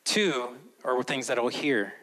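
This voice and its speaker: A man preaching a sermon as a pastor, swinging between loud, emphatic lines and hushed, slow ones. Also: mid-range voice, rough recording. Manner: slows down and whispers for emphasis.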